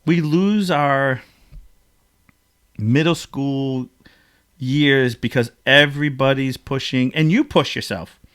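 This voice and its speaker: A man's voice: mid-range voice, slow, pauses often, a bit bright, smooth. A man hosting a podcast, telling stories in an emotional, rambling casual chat. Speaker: podcast host.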